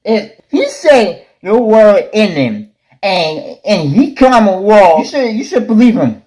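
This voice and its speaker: A man's voice: high voice, big pitch swings, takes it slowly, mellow, low-quality recording. A man chiming in on a reaction video with repetitive, emphatic asides. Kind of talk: casual reaction chat.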